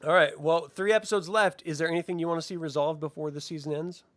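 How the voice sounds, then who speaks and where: A man's voice: fairly high pitch, fairly even intonation, fast, fairly bright tone. A man hosting a casual TV review chat, laughing often and swearing freely. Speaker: show host.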